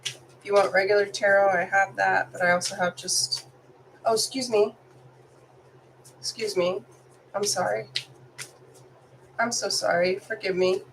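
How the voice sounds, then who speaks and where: A woman's voice: mid-range voice, fairly even intonation, unhurried, vocal fry, pauses often, a bit bright, a little hiss or hum, rough recording. Sick-sounding woman doing live tarot. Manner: apologetic, chatty, reads card texts aloud. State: sick, congested. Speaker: tarot reader. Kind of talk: live tarot reading stream.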